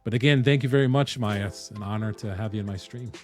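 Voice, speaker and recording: A relaxed man from the Northeastern US talks casually on a live stream, thanking viewers and pausing often to think aloud. His voice sits fairly low, and faint music plays behind him. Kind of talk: casual live-stream chat while coding.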